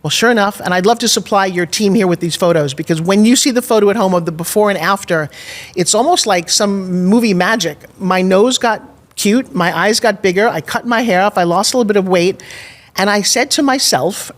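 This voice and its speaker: A woman in her sixties from New York, with a New York accent, telling animated, expressive stories as an interview guest. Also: medium pitch, fairly quick. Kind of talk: storytelling in an interview.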